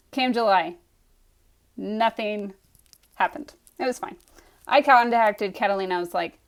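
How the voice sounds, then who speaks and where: A young woman with a medium-pitched voice tells a personal story casually and with animation, acting out her own reactions along the way.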